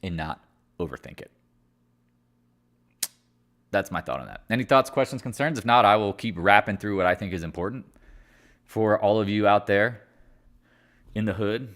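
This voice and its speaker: A man with a lowish, slightly bright voice hosts a casual live market chat, rambling and joking through the charts and sometimes laughing at himself. He talks animatedly at a moderate pace with long pauses, singing and mimicking other traders in silly voices.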